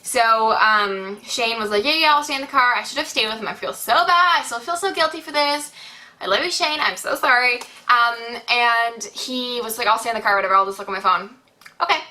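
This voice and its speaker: A woman's voice: fairly high pitch, fairly quick. A young woman telling a rambling story on her vlog, acting out what people said, with lots of fillers. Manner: rambling, animated retelling with many fillers and acted-out quotes. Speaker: beauty vlogger.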